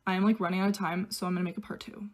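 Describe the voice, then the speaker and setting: A woman's voice: on the low side, little pitch movement, very fast, very noisy. A young woman chatting casually through a get-ready-with-me storytime, filling every sentence with "like" and quoting others in her own voice. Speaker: au pair telling a story.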